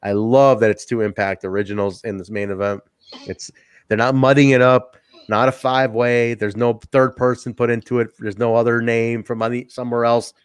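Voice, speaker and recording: Male podcast host, mid pitch, dry close sound, excited swearing recap. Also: brisk, clean tone, no echo. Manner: profane, excited recapping with laughs. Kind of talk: casual chat.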